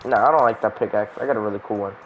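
A man's voice: fairly low pitch, very fast, narrow, tinny audio, slight background noise. A young man streaming a game, chatting casually with friends, laughing often and swearing in joking banter. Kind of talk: casual gaming chat with friends.

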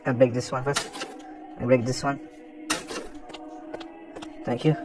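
A man commentating a horror game as he plays, excitable and taunting the monster, with some swearing. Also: mid-range voice, slow pace, music in the background. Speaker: gaming commentator. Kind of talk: let's play commentary.

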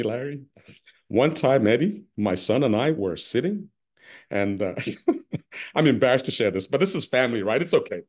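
A middle-aged man giving an expressive conference keynote over a video call, calling on listeners by name. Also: medium pitch. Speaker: keynote speaker.

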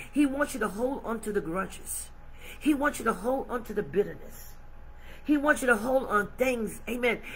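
A woman's voice: fairly high pitch, fairly bright tone, breathy edge. A woman pastor preaching emphatically, acting out her dialogue with God. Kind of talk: sermon.

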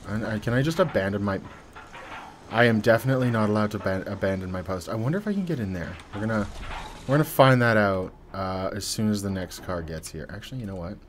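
A man giving casual, joking commentary while playing a horror game. He reads on-screen text aloud and swings between quiet muttering and loud yelps. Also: fairly low pitch, expressive, quick pace, a little hiss or hum. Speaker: let's play gamer.

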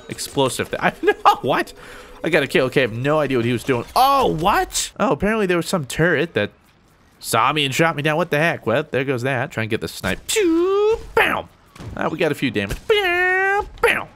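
A young man commentating his own gameplay with loose, excitable energy, his voice leaping high on every surprise. His tone is bright and forceful, with a faint hiss in the background. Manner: excitable, self-mocking, pitch jumps on surprises. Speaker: gaming YouTuber.

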